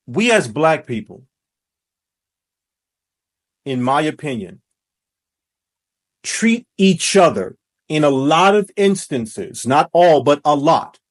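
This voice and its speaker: A man hosting a reaction commentary, talking in a preachy, emphatic way that rises to shouts. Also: fairly high pitch, big pitch swings, slow pace, pauses often. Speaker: commentary host.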